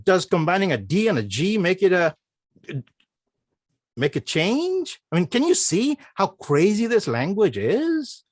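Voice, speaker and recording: A man's voice: high-pitched, huge pitch swings, no room sound, clean studio sound. Playful man giving a humorous speech. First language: not English. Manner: playful, rhetorical questions, deliberate spelling out. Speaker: club speaker. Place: club meeting room.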